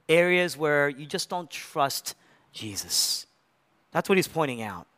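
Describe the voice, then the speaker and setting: A man preaching with a high, bright voice that leaps all over the place. He is an animated pastor who climbs into loud, rising bursts and then drops into hushed, low lines. His tone stays sharp and forceful throughout. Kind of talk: sermon. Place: church.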